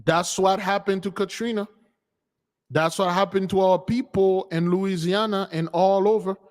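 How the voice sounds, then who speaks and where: Animated preaching man, long reverb. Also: high-pitched, moderate pace. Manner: animated, preachy, addresses listeners as beloved. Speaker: online preacher. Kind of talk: commentary on news clips.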